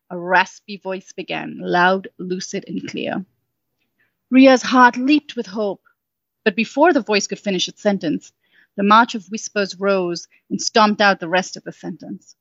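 A woman summing up her story, then reading it aloud as storybook narration in a soft, unhurried way. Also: medium pitch, gravelly, no echo. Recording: dull, dry sound.

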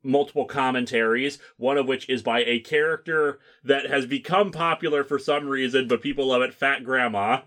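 Bright-voiced man chatting fast. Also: medium pitch. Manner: quick, rambling, with fillers. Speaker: web video producer discussing his movie. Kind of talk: casual podcast chat.

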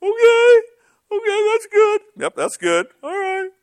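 A bewildered churchwoman who keeps asking the same question in a squeaky, plaintive falsetto, as a preacher puts her on. The voice sits far above a man's range, and the sound is close and dry. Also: wildly swooping pitch, a little slow, no room sound, heavily acted. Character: bewildered tearful woman churchgoer.

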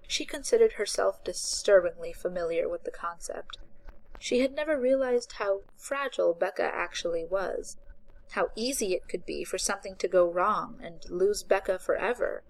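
A woman narrating a story in a steady, even audiobook style. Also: medium pitch, poor audio.

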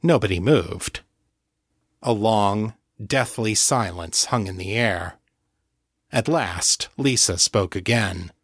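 Slow, deep-voiced male audiobook narrator. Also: dry recording, clean studio sound. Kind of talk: scripted narration.

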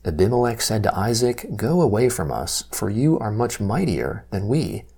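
Husky, mellow man reading scripture. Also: on the low side. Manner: measured, steady reading. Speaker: scripture reader.

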